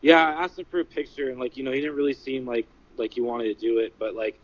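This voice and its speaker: A man telling what he witnessed in a casual livestream, halting and full of "like" and "you know". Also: mid-range voice, fairly even intonation, lo-fi sound. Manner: halting, filler-heavy, many "like" and "you know". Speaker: eyewitness recounting an event. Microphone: phone.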